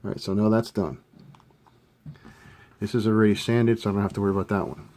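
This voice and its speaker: A man with a fairly low voice walks through a model build in a casual tutorial. He thinks aloud as he works, relaxed and unhurried, with plenty of fillers. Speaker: scale model hobbyist demonstrating a kit build.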